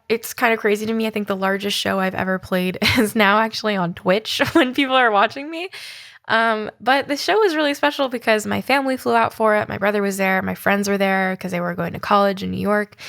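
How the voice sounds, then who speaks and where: Young woman hosting her podcast, chatty and animated, laughs a lot. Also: medium pitch, vocal fry. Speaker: podcast host. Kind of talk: casual podcast narration.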